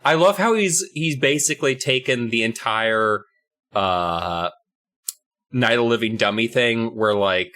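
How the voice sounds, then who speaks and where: A man's voice: mid-range voice, unhurried, sharp tone. A man co-hosting a podcast, chatting enthusiastically and swearing casually. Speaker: podcast co-host. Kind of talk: casual chat.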